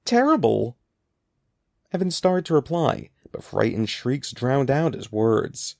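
A man reading a children's story aloud with a lively, rising and falling delivery. His voice carries a gravelly texture, and the recording is close and dry with no room sound. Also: mid-range voice, slow, dry recording. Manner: expressive, animated reading. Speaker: narrator. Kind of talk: audiobook reading.

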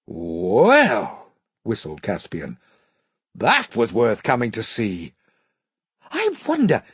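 An audiobook narrator reading a children's fantasy story aloud, expressive and shifting pitch for each character. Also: husky, no room sound, clean studio sound.

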